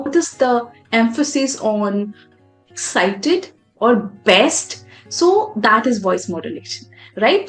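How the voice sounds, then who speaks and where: Woman, speaking coach, emphatic and animated delivery, faint music behind. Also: a little high. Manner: animated, emphatic, demonstrates voice modulation. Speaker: public speaking coach, guest. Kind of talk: podcast interview, advice.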